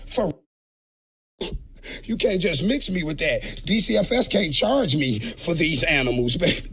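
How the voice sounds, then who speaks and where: A woman's voice: sits low, expressive, unhurried, fairly bright tone, a little hiss or hum. A woman ranting wildly and cursing, cackling between lines, in a clip played on a stream.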